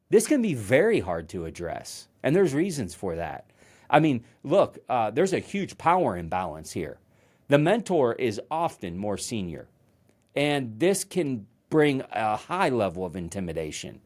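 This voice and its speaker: Guy hosting a motivational talk, mid pitch, chatty and emphatic, restarts a lot. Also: sing-song, normal speed, a little mellow. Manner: conversational, emphatic, frequent restarts. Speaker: host.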